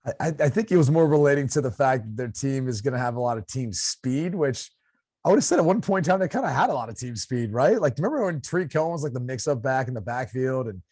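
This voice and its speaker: A man's voice: mid-range voice, expressive, fast, darkish tone, no room sound, clean studio sound. A man from Ohio hosting a casual sports talk show, chatty and thinking aloud with fillers and repeats. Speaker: show host and former player.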